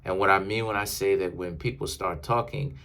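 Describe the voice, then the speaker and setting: A man's voice: low-pitched, steady tone, brisk, gravelly, bright, forceful tone. A man giving a casual, rambling tarot reading, often correcting himself as he talks. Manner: rambling, self-correcting, conversational. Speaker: tarot reader.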